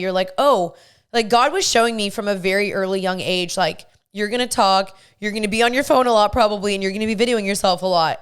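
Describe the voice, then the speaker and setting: Young woman, podcast host, smooth clear voice, gushing, chatty, filler-heavy. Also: medium pitch. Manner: gushing, chatty, says "like" constantly. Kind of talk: casual storytelling monologue.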